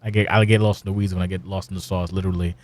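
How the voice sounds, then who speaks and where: A man's voice: deep voice, little pitch movement, very fast, no echo. A middle-aged man hosting a casual podcast, rambling and swearing bluntly. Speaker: podcast host.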